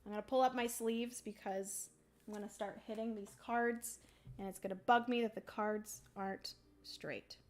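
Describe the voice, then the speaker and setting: A woman hosting a board game livestream, explaining the rules casually with many ums and a throaty morning voice that she keeps clearing. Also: medium pitch, fairly even intonation, moderate pace. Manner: chatty, many ums, thinks aloud.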